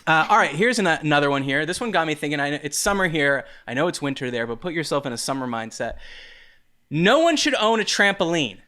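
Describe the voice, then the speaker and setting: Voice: mid-range voice, quick pace, few pauses, sharp tone. A podcast host chatting casually, joking wryly and laughing along with a guest. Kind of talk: casual chat.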